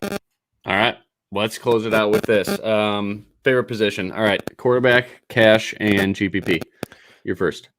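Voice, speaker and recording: A man co-hosting a fantasy football show in casual chat, brisk as he runs the segment with quick picks. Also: lowish voice, fairly even intonation. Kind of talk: casual sports betting chat. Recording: faint background noise.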